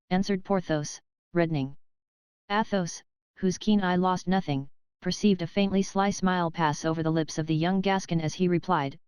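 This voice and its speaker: A woman narrating an audiobook in a very smooth, lowish voice. Her reading is even and measured, and the recording is dry and close. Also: no echo, low-quality recording. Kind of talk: scripted narration. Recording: dry close studio sound.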